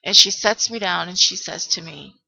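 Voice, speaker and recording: A middle-aged woman vlogging to her webcam, retelling a frightening day in a halting way, full of ums and restarts. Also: lowish voice, creaky, sharp tone, slightly rough, no echo, poor audio. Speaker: vlogger telling a personal story. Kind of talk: emotional personal storytelling to camera.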